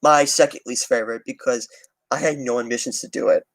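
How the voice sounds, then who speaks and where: This young man's mid-range voice holds a steady tone at a brisk pace, and the recording has no room sound. Streaming for a transit channel, he rambles loosely, swears often and restarts sentences.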